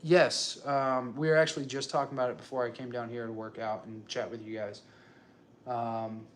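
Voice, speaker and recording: A man's voice: mid-range voice, a little hiss or hum. A young man talking casually to camera at home, rambling and chatty, with many fillers and restarts. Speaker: working dad vlogger. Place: his home.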